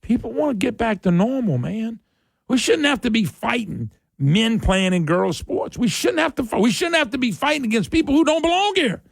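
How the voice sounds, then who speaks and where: A man's voice: very high-pitched, very animated, normal speed, creaky, slightly rough, no echo. A middle-aged man, hosting talk radio in an opinionated political monologue. He talks in a fiery, emphatic way, repeats his points and climbs sharply when worked up.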